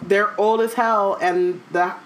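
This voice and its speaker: A woman co-hosting a casual chat, animated and jokey, talking in quick bursts. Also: mid-range voice, a little hiss or hum, rough recording. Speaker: podcast co-host.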